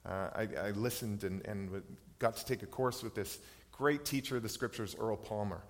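A man's voice: fairly low pitch, normal speed. Man preaching in a reverberant hall. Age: 30s. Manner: earnest, personal, reflective preaching. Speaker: pastor. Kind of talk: sermon.

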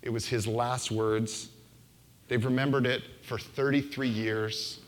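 A man's voice: mid-range voice, fairly even intonation, measured pace. A man preaching a sermon into a microphone in a conversational, playful way, sometimes acting out quoted voices. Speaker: pastor. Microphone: handheld microphone.

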